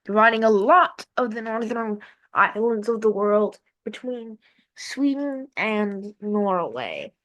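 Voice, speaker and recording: Slow, animated woman narrating a map. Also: medium pitch. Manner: rambling, self-correcting, thinks aloud. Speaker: map-series creator. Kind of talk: casual narration of a map timeline.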